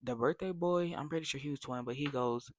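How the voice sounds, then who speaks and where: A young adult man telling a casual storytime, animated and slangy, dropping to whispers for effect. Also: mid-range voice, fast, no echo. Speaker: vlogger.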